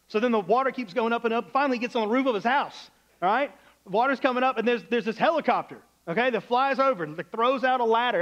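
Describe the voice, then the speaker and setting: A man's voice: extremely high pitch, quick pace, a bit bright, highs cut off. A male pastor preaching a sermon in a church, loose and conversational, acting out the voices in his stories.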